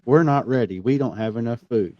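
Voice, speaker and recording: A man hosting a casual conversation, telling a personal story in an earnest way that grows animated as he retells events. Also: mid-range voice, fairly quick, dry recording. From Missouri. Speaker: podcast host. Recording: slightly dull, lo-fi audio.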